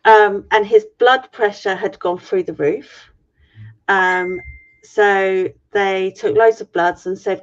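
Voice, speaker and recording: A woman's voice: mid-range voice, takes it slowly. A middle-aged woman on a video call, frankly and swearily retelling an ordeal in a personal story. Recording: muffled lo-fi stream audio.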